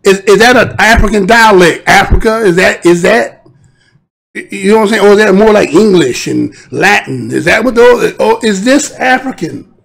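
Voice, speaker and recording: A man with a high, gravelly voice, holding forth on a live stream. He speaks in blunt, emphatic street talk full of profanity and often turns to address his chat. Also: animated, moderate pace, a bit bright. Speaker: livestream host.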